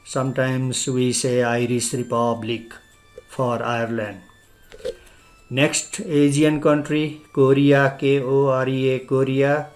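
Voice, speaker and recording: Slow, methodical Nepali-accented male teacher. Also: mid-range voice, little pitch movement, faint music behind. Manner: spells words out letter by letter, methodical. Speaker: English teacher. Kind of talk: spoken language lesson.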